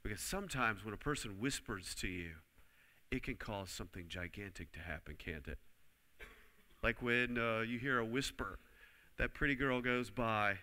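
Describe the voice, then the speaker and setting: In a church hall where a long reverb follows every phrase, a preacher delivers a forceful sermon at normal speed. His voice is low-pitched with a bright edge. He presses his main lines emphatically and gets the congregation to say them back.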